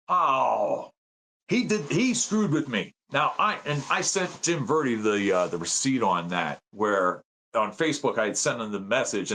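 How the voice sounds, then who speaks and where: Podcast guest: fifties man from the United States, swoops up and down, excitable storyteller. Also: fairly low pitch. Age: 50s. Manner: animated, excitable, acts out quoted voices. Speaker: podcast guest, veteran and citizen journalist. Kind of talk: casual storytelling interview.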